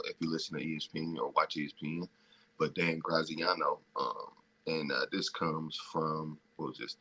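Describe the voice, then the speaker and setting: A man co-hosting a casual sports podcast, talking in a halting way with many pauses to gather his words. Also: rumbling low, bright, forceful tone. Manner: halting, with many ums and restarts. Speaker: podcast co-host.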